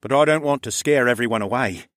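A man's voice: medium pitch, quick pace, fairly bright tone, no echo, clean studio sound, natural voice. A man voicing a cold, commanding young male noble who speaks in clipped, authoritative lines. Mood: modest.

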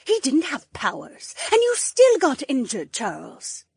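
A woman's voice: a little slow, creaky, no echo, clean studio sound, full character voice. A woman reading an audiobook's dialogue, voicing several characters with wide swings in her voice. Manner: expressive, shifts pitch widely between characters.

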